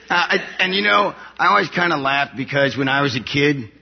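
A man, a soldier, telling an animated story about coming home to an audience, laughing often as he talks. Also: a little high, gravelly, dull audio, slight background noise. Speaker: soldier sharing his story.

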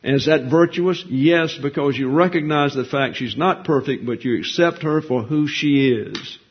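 A man's voice: a little high, a little slow, husky. A man preaching a sermon in a folksy, conversational way, asking rhetorical questions and answering them. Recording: dull lo-fi recording.

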